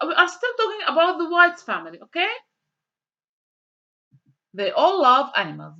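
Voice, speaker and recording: Lively bright-voiced woman teacher. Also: on the high side. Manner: questioning, answers her own questions. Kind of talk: grammar lesson walkthrough. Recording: dull lo-fi sound.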